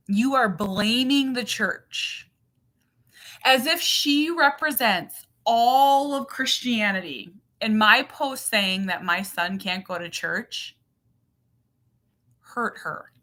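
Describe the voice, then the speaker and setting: A woman's voice: medium pitch, sharp tone. A woman in her thirties or forties, a mother and channel host, chatting casually and animatedly on a livestream, full of fillers.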